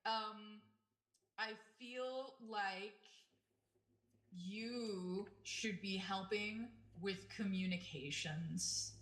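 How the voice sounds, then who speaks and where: A woman's voice: mid-range voice, extremely slow, a bit bright. A woman player at a tabletop role-playing game, talking casually with hesitant ums and likes. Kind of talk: tabletop role-play chat. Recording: roomy echo.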